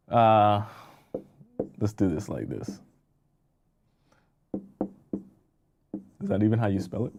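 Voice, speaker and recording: A male dating coach on a livestream speaks in a fairly low, darkish voice, with slight background noise behind him. He's emphatic and insistent, hammering every point home, repeating himself and constantly checking "okay?" to be sure viewers keep up.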